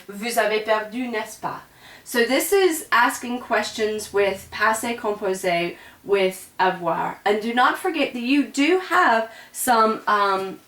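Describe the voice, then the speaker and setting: A woman's voice: a little high, fairly bright tone, distant mic. Casual woman teaching in an echoey room. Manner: casual and chatty, says y'all, many ums and self-corrections. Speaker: French teacher. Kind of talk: classroom grammar lesson at a board.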